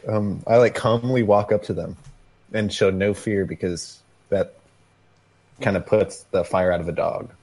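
A man's voice: lowish voice, fairly even intonation, unhurried, darkish tone, husky, rough recording. A man playing a tabletop game casually, speaking in a laid-back, hesitant way. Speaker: player. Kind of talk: casual tabletop role-play.

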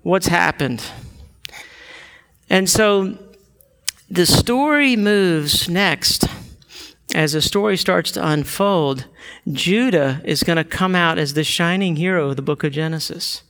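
A man preaching a sermon, retelling scripture stories and acting out the quotes, building to loud emotional peaks. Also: high voice, slow, pauses often. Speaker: pastor.

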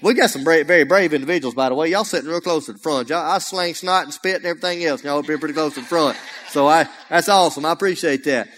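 A man with an Alabama Southern accent preaches a folksy, joking sermon, full of energy and often raising his voice. His voice sits fairly high. It rings with the long reverb of a church sanctuary. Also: fast, a bit bright. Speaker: guest preacher.

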